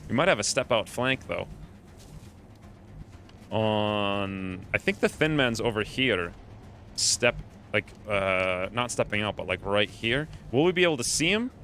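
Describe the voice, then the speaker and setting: A man's voice: fairly low pitch, lively intonation, unhurried, bright, forceful tone, slight background noise. A man giving playful live commentary while streaming a game, coining silly nicknames as he plans each move.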